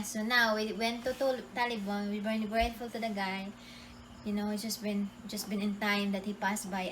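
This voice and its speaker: A woman telling a travel story in a casual, animated way, often restarting her sentences. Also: medium pitch, a little hiss or hum. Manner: animated, restarting sentences, acts out quotes loudly. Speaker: co-host.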